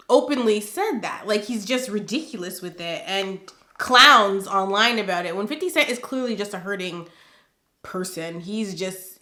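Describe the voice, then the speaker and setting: A woman's voice: mid-range voice, pushed and bright. Sassy emphatic woman in an echoey room. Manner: sassy, emphatic, punctuates points with "okay?". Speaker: commentary channel host. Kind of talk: casual gossip commentary.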